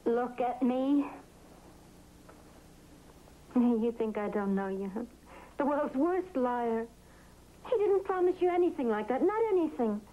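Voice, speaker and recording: An actress playing an anxious, sharp-tongued wife who scolds her husband, in a 1960s TV drama. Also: fairly high pitch, lively intonation, normal speed, close to an everyday voice. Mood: scolding. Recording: dull old TV soundtrack.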